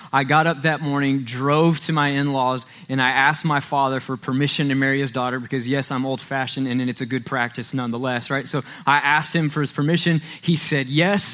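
A man with a medium-pitched, slightly bright voice preaches as a pastor. His sermon unfolds as conversational storytelling, with frequent asides of "right?"

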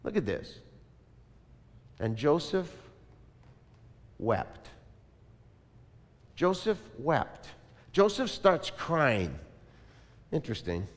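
Male pastor, high and lively, slow deliberate delivery, sermon with congregation call-and-response. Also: big-room sound. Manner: animated preaching, calls congregation to repeat lines.

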